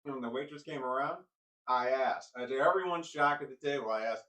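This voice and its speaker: A man telling a personal story in a rambling, halting way, often restarting his sentences. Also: mid-range voice, bright, forceful tone, far from the mic, rough recording.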